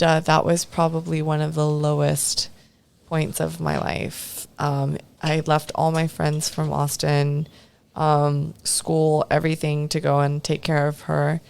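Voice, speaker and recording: A woman appears as a podcast guest, talking casually and candidly about her past, cursing occasionally and acting out what other people said. Her voice sits low and sounds creaky, with a darkish yet clean tone.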